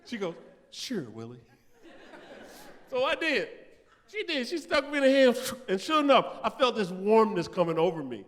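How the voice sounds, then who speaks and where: A man's voice: sits high, normal speed, pauses often. A man performing live stand-up comedy in a large theater, telling a story and acting out both sides of each conversation. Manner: animated, acts out both sides of conversations with big vocal swings. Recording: live theater recording with long hall reverb.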